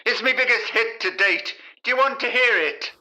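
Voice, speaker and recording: A man's voice: very high-pitched, moderate pace, bright, forceful tone, pitched above the performer's own voice, exaggerated voice. A man doing a comic impression of a boastful, crude young pop star phoning in as a guest. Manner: crude, boastful, blurts rude remarks. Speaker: phone-in guest. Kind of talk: comedy sketch impression.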